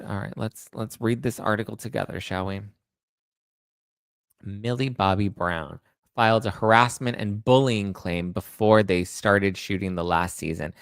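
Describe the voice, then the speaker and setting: A man hosting a pop culture show in casual chat, breaking into high-pitched disbelief. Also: dry recording. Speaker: pop culture podcast host.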